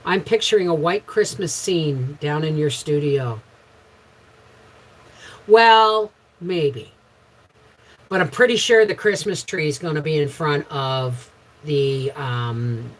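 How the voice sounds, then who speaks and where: A middle-aged woman hosting a casual livestream, chatting with viewers and telling frank, rambling stories with sudden loud bursts. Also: low-pitched, slow, long pauses, poor audio. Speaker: homestead channel host.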